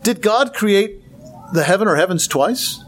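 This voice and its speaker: A man's voice: high-pitched, lively intonation, unhurried, fairly bright tone, a little hiss or hum. A man giving a Bible lecture with slides, earnest, asking rhetorical questions and repeating words for emphasis. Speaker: Bible teacher.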